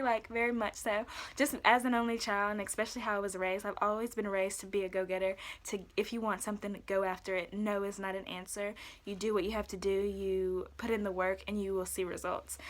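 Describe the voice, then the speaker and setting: A woman's voice: medium pitch, fairly bright tone. Casting: chatty, bubbly young woman talking straight to her viewers. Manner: chatty, quick, filler-heavy, upbeat. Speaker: vlogger. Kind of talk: casual chat to camera.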